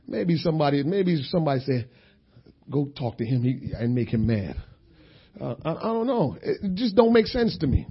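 A man preaching a sermon who tells a story, going from quiet talk to shouting. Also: a little high, big pitch swings, moderate pace, slightly rough, dull audio.

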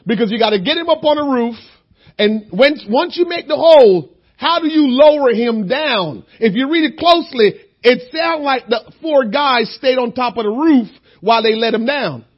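A man teaching a Bible lesson in a sermon style, telling stories with humor and rising into emphatic shouts. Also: very high voice, normal speed, lo-fi sound. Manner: animated storytelling, breaking into shouts for emphasis; humorous, folksy. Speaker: church teacher.

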